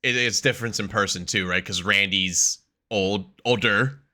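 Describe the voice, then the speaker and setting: A man's voice: fairly low pitch, moderate pace, sharp tone. A man co-hosting a wrestling podcast, chatting casually, swearing freely and laughing often as he acts out quotes. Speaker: podcast co-host.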